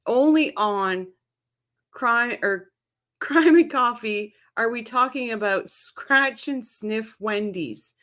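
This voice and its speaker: A woman's voice: fairly high pitch, slow pace, a bit bright. A woman hosting a casual livestream, laughing helplessly and greeting viewers in the chat. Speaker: livestream host.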